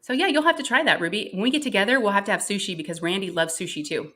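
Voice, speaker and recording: A woman's voice: mid-range voice, very fast, sharp tone. A middle-aged woman, hosting a casual livestream chat, chatty and laughing often as she greets viewers. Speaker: livestream host.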